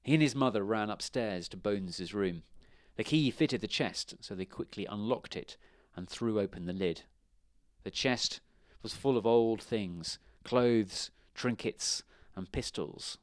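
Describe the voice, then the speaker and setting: A man reading a children's storybook aloud in a measured, expressive way. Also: lowish voice, no echo, clean studio sound.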